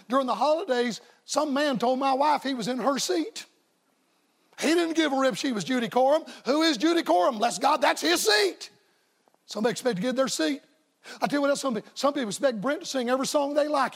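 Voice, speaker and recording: A man preaching a revival sermon as a staff evangelist, folksy and emphatic, sometimes rising to shouts. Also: very high voice, creaky.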